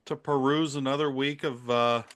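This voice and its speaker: Male host, middle-aged, wry and opinionated, mid pitch, dry room. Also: steady tone, moderate pace, fairly bright tone, dry recording. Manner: wry, sarcastic, laughs often. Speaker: podcast host. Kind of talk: casual opinionated chat.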